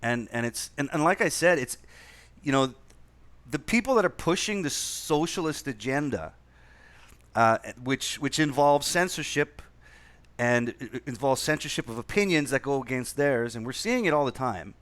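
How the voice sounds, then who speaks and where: A man's voice: mid-range voice, animated, moderate pace, a bit bright, dry recording. A man hosting a casual podcast chat, agreeable and joking, swearing casually. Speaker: podcast host.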